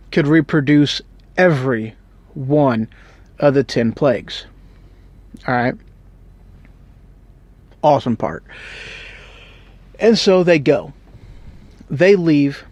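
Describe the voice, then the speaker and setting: A man's voice: on the high side, a little mellow, no room sound. Laid-back slangy man retelling a Bible story. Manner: rambling, joking, slangy. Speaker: Bible teacher.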